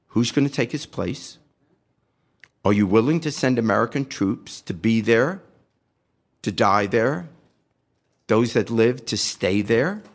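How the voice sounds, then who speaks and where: A man's voice: medium pitch, gravelly. An older man giving impassioned, indignant political commentary, firing off rhetorical questions with a sarcastic edge. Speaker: podcast guest.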